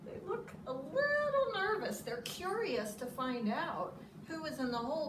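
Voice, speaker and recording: A woman preschool teacher reading a children's story aloud in an animated, sing-song way. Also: sits high, unhurried, few pauses. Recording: echoey room, distant mic, noisy.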